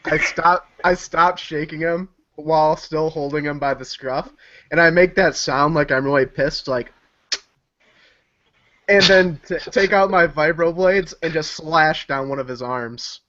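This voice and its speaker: Mid-pitched player, plain delivery, lo-fi. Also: male voice, a little slow, bright, forceful tone. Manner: describes actions plainly. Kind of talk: casual tabletop play. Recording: dull lo-fi recording.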